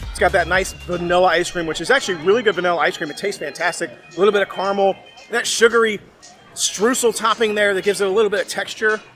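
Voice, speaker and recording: A middle-aged man with a fairly high voice, rambling happily through a casual vlog. Music plays clearly in the background. He raves about food and chats loosely. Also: fairly even intonation, fast talker, fairly bright tone. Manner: enthusiastic, rambling food reviewer. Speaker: theme park vlogger.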